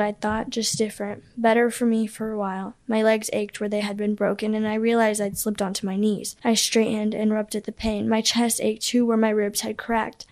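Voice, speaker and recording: Gravelly young woman reading a ghost story. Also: a little high, darkish tone. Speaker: student narrator. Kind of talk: reading a spooky story aloud.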